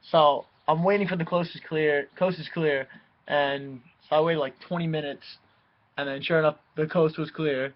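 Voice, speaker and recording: Young man, casual storytelling, animated, swearing, slightly high voice, dull lo-fi sound. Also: normal speed. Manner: animated, swearing, quotes people in put-on voices. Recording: dull lo-fi recording.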